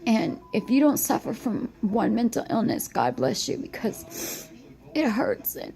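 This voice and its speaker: Tearful woman, halting confessional delivery, phone mic, wide-ranging pitch, mellow tone. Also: very animated, creaky, rough recording. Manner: halting, rambling, repeats herself. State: crying. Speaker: vlogger.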